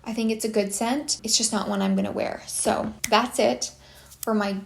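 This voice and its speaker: A woman's voice: on the high side, fairly even intonation, moderate pace, vocal fry. A young woman hosting a casual perfume vlog, chatty and rambling with many restarts, a little out of breath. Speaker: perfume channel host.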